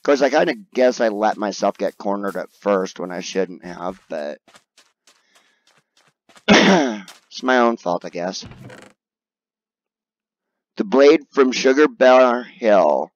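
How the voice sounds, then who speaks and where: A man giving casual let's-play commentary, grumbling and yelping high when cornered. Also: expressive, slow, pauses often, dull audio. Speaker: gaming video creator.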